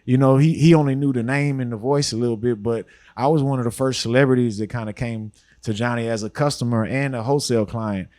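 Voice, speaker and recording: A man in his forties with an easy drawl, rambling through stories as a podcast guest. His voice sits at a middle pitch, neither deep nor high. He talks in loose, relaxed runs, often dropping in "you know.". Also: fast. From Houston, Texas. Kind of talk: storytelling interview talk.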